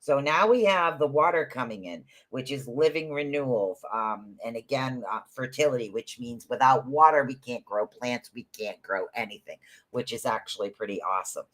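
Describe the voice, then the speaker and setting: A man's voice: mid-range voice, moderate pace, fairly bright tone. A man hosting a casual livestream rune reading. He talks in a chatty, rambling way, repeats words, and calls his listeners honey. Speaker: podcast host giving live rune readings.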